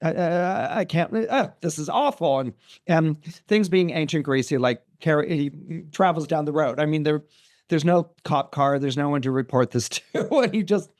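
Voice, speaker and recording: A man, a guest astrologer, retelling a myth in a casual, animated way with many restarts and asides. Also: a little high, moderate pace. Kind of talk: casual podcast storytelling.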